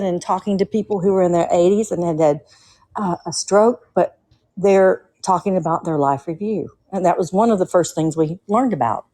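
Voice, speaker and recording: A woman's voice: mid-range voice, dark tone, poor audio. A middle-aged woman with a Southern Atlanta accent, calling in and telling stories in an earnest, chatty way. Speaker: caller. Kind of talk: casual call-in chat.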